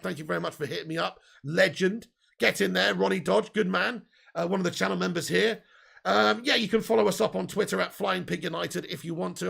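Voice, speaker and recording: A man with a high, heavily gravelly voice hosts a casual live stream. He talks in a chatty, opinionated way and reads viewer comments aloud. His tone is husky and rough. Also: a bit bright. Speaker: football fan channel host.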